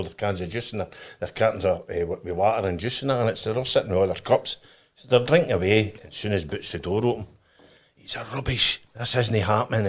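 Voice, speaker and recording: A Scottish man, a former footballer, telling animated anecdotes as a podcast guest. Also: fairly low pitch. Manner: animated storyteller, restarts often. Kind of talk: casual chat, telling anecdotes.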